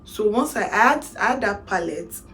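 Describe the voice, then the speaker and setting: A young Nigerian woman talks straight to camera about her years of work, mid-pitched and animated, dropping in Pidgin phrases. Her recording carries a faint steady hiss of background noise. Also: moderate pace. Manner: animated, mixes in Pidgin, laughs to hold back tears. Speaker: makeup artist vlogger. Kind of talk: casual storytelling vlog.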